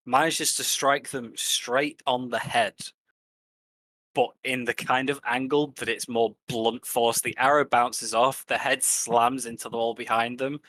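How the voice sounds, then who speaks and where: A man's voice: mid-range voice, a bit bright, no echo, low-quality recording. Man narrating as game master, dry close sound. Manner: descriptive, measured narration.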